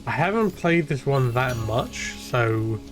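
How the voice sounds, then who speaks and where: A young man talks over his gameplay in a loose, wandering stream of commentary. He drifts from one thought to the next and drops casual swearing along the way. His voice sits at an ordinary middle pitch, with faint game music running behind it. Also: sing-song, slow. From half Irish, half English. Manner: rambling, chatty, swears casually.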